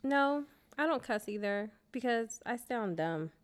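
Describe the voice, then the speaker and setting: Higher, lively woman with gravelly edge. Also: unhurried. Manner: teasing, challenging questions, laughs often. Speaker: podcast co-host. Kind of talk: casual chat.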